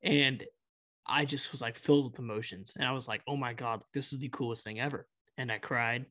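Young man, podcast co-host, earnest storytelling, middle pitch. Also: fairly even intonation, brisk, fairly bright tone. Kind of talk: casual chat.

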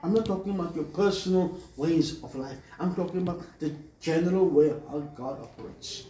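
A man's voice: on the high side, warm tone, slight background noise. A man preaching a sermon emphatically, calling on the congregation for amens. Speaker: pastor. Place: church hall. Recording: echoey hall from far off.

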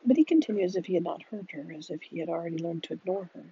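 An audiobook narrator reads a novel aloud dramatically, often dropping into whispers. The voice is medium-pitched, mellow and a little breathy, and it races along. The lo-fi recording sounds dull.

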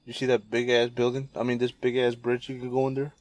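A young man in relaxed casual chat, slangy and asking his friend questions. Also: medium pitch, fast, no room sound. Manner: laid-back, slangy, asks lots of questions.

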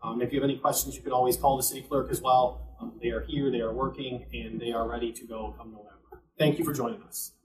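A man hosts an interview and wraps up the segment. He speaks in a flat, even pitch, and the room around him echoes. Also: fast, hardly any pauses. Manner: scripted, wrapping-up host patter. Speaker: community relations interviewer. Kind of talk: interview hosting.

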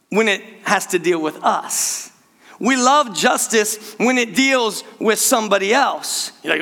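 An older man preaching a sermon to his church in a playful, conversational way with quick asides. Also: sits high, animated, gravelly, sharp tone, long reverb tail. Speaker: pastor. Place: church sanctuary.

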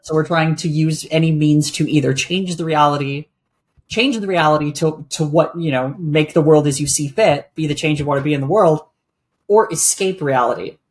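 A podcast guest who talks reflectively in a casual conversation and often pauses to find words. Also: medium pitch.

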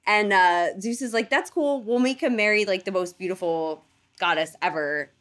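A woman telling a story in casual chat, animated, full of fillers and casual swearing, acting out voices for the people in it. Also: mid-range voice, normal speed. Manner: animated storyteller, acts out quoted gods in playful voices.

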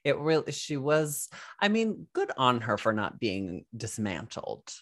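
Woman, deep low voice, lively swings, casual podcast co-host who laughs a lot. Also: measured pace, no room sound, clean studio sound. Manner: laughs often, animated. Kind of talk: casual chat.

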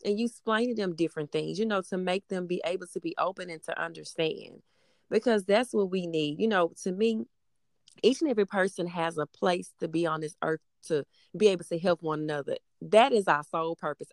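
A low-voiced woman in her thirties, whose daughter is in middle school, speaks fairly quickly in a casual, rambling conversation packed with fillers. The recording is echo-free and studio-clean.

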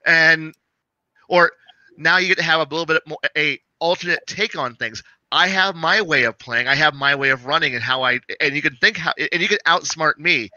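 A man co-hosting a casual chat about running tabletop games, talking in an animated way, swearing and acting out what players say. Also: fairly high pitch, no room sound. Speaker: game master, podcast co-host. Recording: dull, lo-fi and dry.

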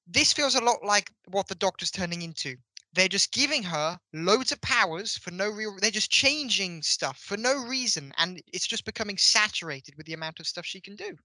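A man's voice: high voice, lively intonation, normal speed, sharp tone, dry recording, poor audio. A man co-hosting a podcast, chatting casually and ranting in exasperation, laughing often. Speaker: podcast co-host. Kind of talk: casual review chat.

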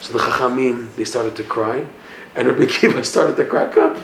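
A man giving a Breslov Torah class, telling stories in an animated way and dropping in Hebrew and Yiddish terms. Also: medium pitch, a little fast, creaky, slight background noise. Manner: animated storytelling, mixing Hebrew and Yiddish terms, laughs at punchlines. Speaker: Breslov teacher. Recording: echoey room with faint ambience.

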